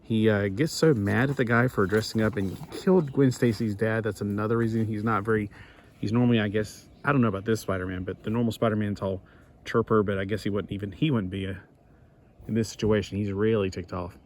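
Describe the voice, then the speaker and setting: A man talks through a comic book review in a low voice, rambling, restarting sentences and griping with exasperation. His delivery is loose and unscripted. A faint hiss of noise sits under the recording. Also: steady tone, a little fast. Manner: rambling, full of restarts and asides. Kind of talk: casual review monologue.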